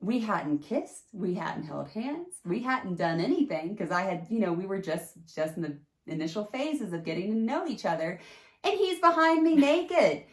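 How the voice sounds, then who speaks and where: Host, female, lower voice, lively storyteller, roomy sound. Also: moderate pace, hardly any pauses. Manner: animated, jumps into high pitch acting out quotes. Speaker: podcast host telling a personal story. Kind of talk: casual storytelling.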